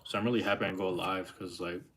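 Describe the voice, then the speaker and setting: Laid-back deep-voiced young streamer man. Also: steady tone, fast, a bit bright. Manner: laid-back, rambling, slangy. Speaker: live streamer. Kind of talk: casual live-stream chat.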